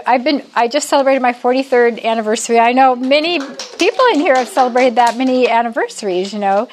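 A woman's voice: a little high, a little fast, a little hiss or hum. Chatty, slightly nervous woman in her sixties. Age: 60s. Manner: chatty and self-deprecating, laughs often; a little nervous, repeats and restarts. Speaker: speaker at a women's Bible study. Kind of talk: casual church talk.

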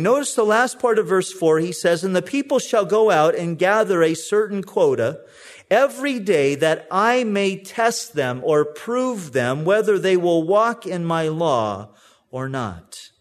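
A man, a pastor in his thirties, preaching a sermon with humor, telling stories from home and reading scripture slowly. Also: high voice.

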